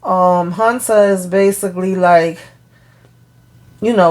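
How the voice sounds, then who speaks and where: A woman giving a casual TV episode recap, retelling scenes in an animated way with blunt opinions and mild cursing. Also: lowish voice, a little slow, long pauses. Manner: animated retelling, acts out characters' lines. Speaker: show recap host.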